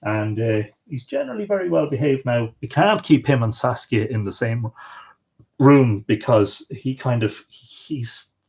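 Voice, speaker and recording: A middle-aged man with an Irish accent chats loosely on a home livestream. His voice sits at an ordinary middle pitch, and he rambles along with fillers and asides. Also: lively intonation, measured pace, gravelly, darkish tone. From Ireland. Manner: rambling, chatty, coaxing his dog in a sing-song voice. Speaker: livestream host. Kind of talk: casual livestream chat.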